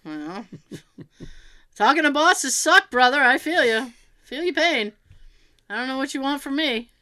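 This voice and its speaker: A woman whose voice sits high speaks a little slowly as she tells a funny story in casual conversation. Animated throughout, she acts out what others said and laughs often.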